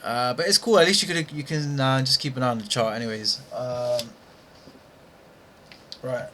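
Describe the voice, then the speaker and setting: Speaking at normal speed, a young man with a British accent has a medium-pitched, sharp voice, and the audio carries a slight hiss or hum. He streams his trading live, walking through each trade with annoyed, slangy comments under his breath.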